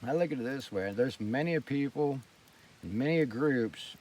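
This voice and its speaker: A man's voice: mid-range voice, animated, moderate pace, darkish tone. A man ranting by a campfire, blunt and heavily profane as he holds forth. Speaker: host. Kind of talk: fireside rant. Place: outdoors by a campfire. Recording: distant mic, faint outdoor noise.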